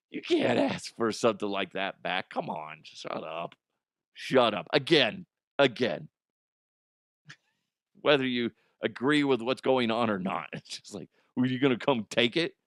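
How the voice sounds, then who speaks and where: A middle-aged man hosting a comedic podcast monologue, telling stories animatedly and jumping into loud high exclamations. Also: very animated, slow, creaky, pauses often, no room sound, clean studio sound. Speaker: podcast host.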